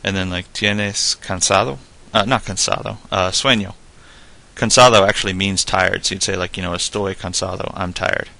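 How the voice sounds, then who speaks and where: Gravelly low-voiced man explaining casually. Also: moderate pace. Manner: relaxed, rambling explanations full of "like" and "you know". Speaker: Spanish tutor. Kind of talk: casual spoken lesson.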